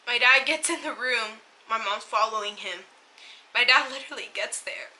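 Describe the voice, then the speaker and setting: A young woman telling a personal story on her vlog in a casual, halting way, turning tearful. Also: fairly high pitch, pushed and bright, poor audio. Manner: emotional, tearful retelling, halting. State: crying at times. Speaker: vlogger.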